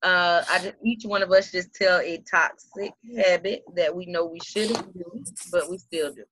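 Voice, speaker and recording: A woman hosting a casual chat, loose and relaxed, laughing easily. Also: lowish voice, normal speed, a little hiss or hum. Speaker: host.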